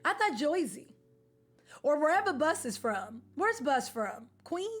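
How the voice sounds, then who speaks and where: Woman streamer w a high voice, slangy and loose, rambling to chat over faint music. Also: measured pace. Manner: animated, slangy, loose and opinionated. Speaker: game streamer. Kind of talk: casual chat with live viewers.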